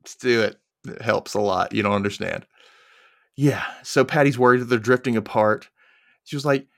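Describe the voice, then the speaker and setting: A man's voice: medium pitch, moderate pace, gravelly, dry recording, clean studio sound. A man co-hosting a podcast, recapping a TV episode in casual chat, joking and quoting characters in put-on voices. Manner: animated, jokey, quotes characters in voices, laughs often. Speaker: podcast co-host.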